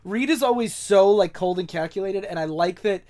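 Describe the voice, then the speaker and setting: High-voiced man acting out comic lines. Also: a little fast, darkish tone. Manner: acts out character lines. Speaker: podcast co-host. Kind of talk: casual comic book discussion.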